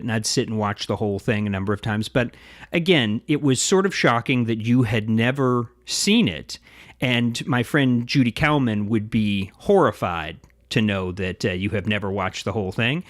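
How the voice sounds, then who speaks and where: A man in casual podcast chat at a middle pitch, with a dry, close sound. He explains things at length, full of asides and little digressions. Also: no room sound. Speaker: podcast co-host.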